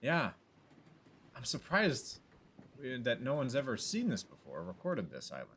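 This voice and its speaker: Man doing a practical, measured ship captain, middle-pitched voice, a bit of noise behind. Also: wildly swooping pitch, fairly bright tone. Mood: musing. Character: male ship captain NPC, calm and practical.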